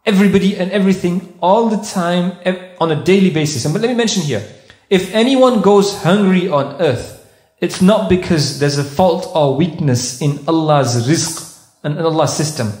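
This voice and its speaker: A man's voice: sits high, normal speed, a little mellow. A man giving a sermon in a mosque, explaining Arabic terms and repeating key points for emphasis. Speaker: mosque speaker. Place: mosque hall. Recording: echoey mosque hall.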